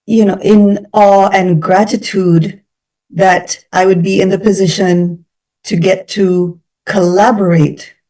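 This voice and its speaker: A Jamaican woman talks as a radio guest, thoughtful and measured, often restarting her sentences. Her voice is warm and mellow. It sounds a little distant from the microphone. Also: mid-range voice, steady tone. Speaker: guest actress. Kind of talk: radio interview.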